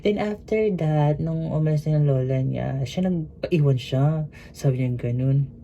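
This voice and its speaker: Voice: medium pitch, normal speed, mellow. A speaker from the Philippines with a Filipino accent, a cruise ship crew member telling a story in a rambling, casual way full of fillers. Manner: rambling, mixes Tagalog and English, many fillers. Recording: dull lo-fi sound with faint hiss.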